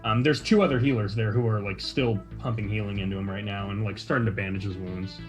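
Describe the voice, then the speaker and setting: A man's voice: fairly low pitch, fairly even intonation, fast talker, soft background music. A man narrating a tabletop game as game master, in a loose, filler-heavy way.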